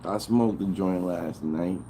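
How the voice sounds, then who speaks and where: A man with a low voice chatting in a slow, unhurried way as he reads chat on his stream. He is laid-back, slangy and swears freely. Steady background noise with vehicle sounds runs behind him. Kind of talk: casual chat reading chat.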